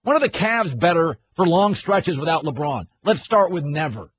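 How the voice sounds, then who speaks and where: A man with a high voice hosts a sports radio show, arguing emphatically and rattling off lists of names. A faint noise sits under the voice. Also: big pitch swings, moderate pace, a bit bright, muffled recording. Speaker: radio sports talk host. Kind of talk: casual sports radio talk.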